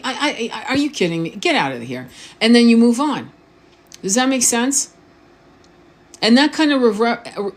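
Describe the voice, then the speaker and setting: Blunt, swearing woman spiritual coach. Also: medium pitch. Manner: informal and blunt, swears freely, restarts words; asks the viewer questions often. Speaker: spiritual coach and tarot reader. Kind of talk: casual live-stream monologue.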